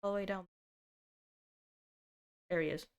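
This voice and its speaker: A young woman in her twenties streaming a casual reaction, talking in an animated and sarcastic way and laughing often. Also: fairly low pitch, measured pace, clear, resonant tone, dull audio.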